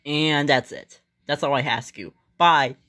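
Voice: medium pitch, measured pace, a bit bright, lightly acted. A performer voicing a friendly male character giving dating advice in an amateur voice drama, chatty and rambling.

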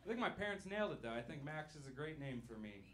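A young man with a slightly high voice works through a stand-up set, loose and rambling, dropping swear words and laughing at his own lines. He speaks into a handheld mic on a club stage. The live recording carries clear background noise from the room. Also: very animated, quick pace, fairly bright tone. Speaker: stand-up comedian.

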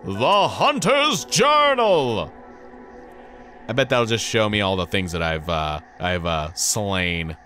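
A young man giving casual, goofy let's play commentary, excitedly talking to the game's characters. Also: lowish voice, takes it slowly. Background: game music.

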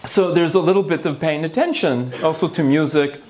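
Here a neuroscience lecturer's voice sits slightly high, with a darkish tone and a fairly quick pace. Addressing a conference hall audience about the brain, he's theatrical and playful, tossing out gasps, asides and small jokes.

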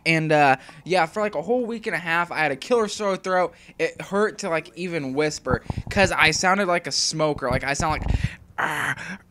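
A man's voice: fairly high pitch, a bit bright. A young man rambles through his gameplay commentary in a slightly raised voice. He talks in loose slang, swears now and then, and is still getting over a sore throat. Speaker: gaming YouTuber.

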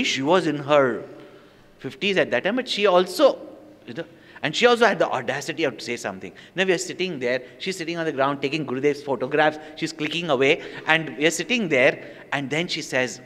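A swami tells stories in a slightly high voice, acting out what people said. His voice carries the long reverb of a large hall. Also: lively intonation, fairly quick, fairly bright tone. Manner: storytelling with acted quotes and laughter. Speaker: swami giving a talk. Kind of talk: anecdotal spiritual talk.

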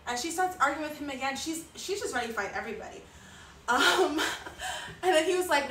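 A woman's voice: high-pitched, lively intonation, brisk, bright, forceful tone. A woman streamer chatting through a story with lots of fillers and sighs. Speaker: artist and streamer. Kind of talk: casual storytelling on a livestream. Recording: roomy sound, mic at a distance, faint noise.

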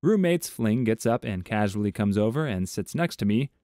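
Guy reading online stories w/ his own comments, steady even delivery, dry sound. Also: on the low side, normal speed, no room sound. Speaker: story narrator.

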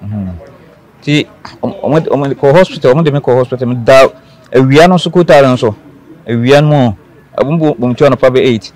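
A man's voice: mid-range voice, brisk, darkish tone. A man from Ghana, a guest in an interview, earnestly telling his own story and repeating key phrases for emphasis.

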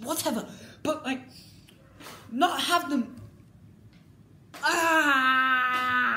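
A vlogger reviewing a TV series rants casually, sounding exasperated and repeating herself. Her pitch jumps and drops as she swings from loud cries to grumbled mutters. The recording is roomy and echoey, with a faint background hiss.

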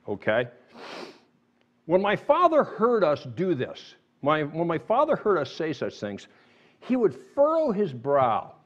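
A man preaching in a church, his voice fairly high and swinging widely in pitch as he builds to emphatic, sarcastic peaks. The recording sounds dull and lo-fi. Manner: animated, rising to emphatic sarcastic outbursts. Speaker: pastor. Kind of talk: sermon. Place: church sanctuary.

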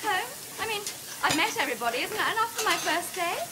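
A woman's voice: extremely high pitch, lively intonation, fast, heavy background noise. A young woman playing a spoiled, prim newcomer to a kitchen in a sitcom. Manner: prim, posh and airy. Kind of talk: sitcom acting.

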